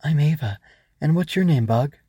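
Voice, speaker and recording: A man's voice: on the high side, animated, moderate pace, mellow, husky, no echo, studio quality, pitched above the performer's own voice. A man voicing a restless young girl at bedtime in a children's story, in a small, raised, earnest voice.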